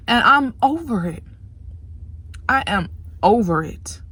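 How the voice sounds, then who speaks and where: A young woman, a tarot reader, venting to her viewers in a frustrated, profane rant, worn out and swinging from loud outbursts to low, tired muttering. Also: lively intonation, slow, pauses often, breathy edge. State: exhausted.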